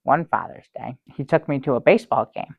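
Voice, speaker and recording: A man playing a gravelly, earnest sad sack. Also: medium pitch, lively intonation, brisk, dry recording, phone-quality sound. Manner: earnest, rambling storyteller with many restarts. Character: naive sad-sack man, middle-aged, earnest and oblivious. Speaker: comedy sidekick telling a story. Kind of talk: improvised sketch comedy banter.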